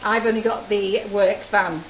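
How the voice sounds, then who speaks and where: A woman's voice: medium pitch, steady tone, unhurried, roomy sound, slight background noise, poor audio. A woman hosting a live baking demonstration, chatting, telling stories and teasing her viewers as she works. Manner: chatty, jokey storyteller who teases viewers. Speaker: baker demonstrating on a livestream. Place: home-style kitchen studio.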